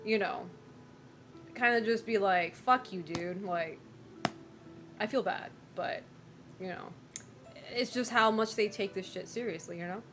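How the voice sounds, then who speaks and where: With a medium-pitched, fairly bright voice, this woman streamer talks at a measured pace and pauses often, over slight background noise. Her casual chat rambles; she swears freely, greets viewers, and laughs often.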